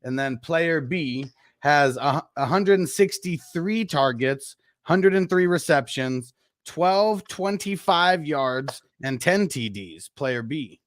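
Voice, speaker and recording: A man's voice: a little high, expressive, slow. A man co-hosting a live fantasy football show, reading out player stats and viewer comments in a casual way. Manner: reads out stats and chat comments, laughs easily. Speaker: fantasy football podcast co-host. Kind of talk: casual live-stream sports chat.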